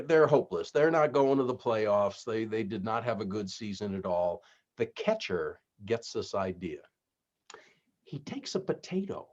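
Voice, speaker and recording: A man's voice: mid-range voice, darkish tone. A man hosting a casual chat, telling puns and stories and laughing at his own jokes. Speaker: host. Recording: dull lo-fi sound.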